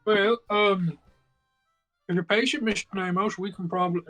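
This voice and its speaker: A man's voice: sits high, fairly even intonation, normal speed, sharp tone, soft background music. A man voicing a deferential male orc keeper, his put-on accent drifting from British into a Southern drawl. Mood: reassuring.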